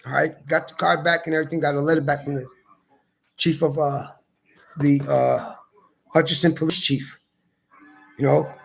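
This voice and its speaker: A man's voice: fairly high pitch, level tone, moderate pace, creaky, pauses often, slightly rough. An older man ranting angrily to the camera, heated and profane, repeating himself as he tells it. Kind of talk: angry rant to camera.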